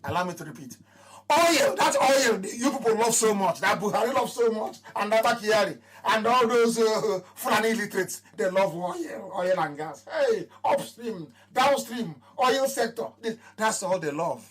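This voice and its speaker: A man with a Nigerian accent gives an impassioned live address to his followers. He repeats his phrases and swings between raised proclamations and low mutters. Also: animated, normal speed, a bit bright, breathy edge. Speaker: movement leader addressing followers.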